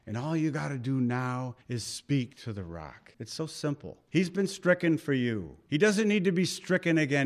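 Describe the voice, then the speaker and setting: A middle-aged man preaching a conversational, emphatic sermon, acting out quotes with shifts in voice. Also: a little high. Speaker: pastor. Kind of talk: expository sermon.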